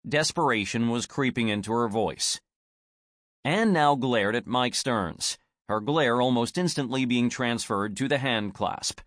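A man narrating an audiobook in an expressive storytelling manner. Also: mid-range voice, unhurried, dry recording, studio quality. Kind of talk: scripted narration.

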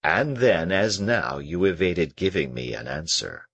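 A man voicing a gentle, melancholy young male prisoner in an audiobook, speaking earnestly and softly with a husky voice. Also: low voice, sing-song, unhurried, full character voice. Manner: earnest, wistful and soft-spoken. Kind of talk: audiobook character reading.

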